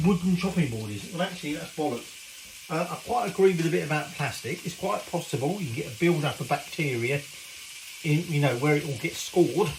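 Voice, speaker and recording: Poor audio with reverb and a bit of hiss or hum captures a fairly high-pitched man. This middle-aged cooking show host cooks in his home kitchen, rambling casually for his vlog and swearing mildly.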